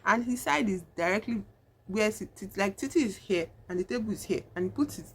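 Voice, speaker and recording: Talking briskly and expressively in a mid-range voice, a woman does her makeup while reviewing a horror film for her vlog. It's a casual, rambling chat stuffed with "like" and "you know." Slight background noise is audible.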